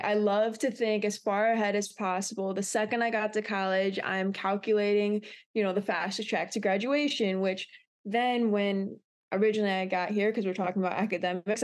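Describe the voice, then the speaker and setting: Young female co-host, earnest and reflective, mid-pitched voice, casual podcast delivery. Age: young adult. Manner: earnest, reflective, animated when recounting.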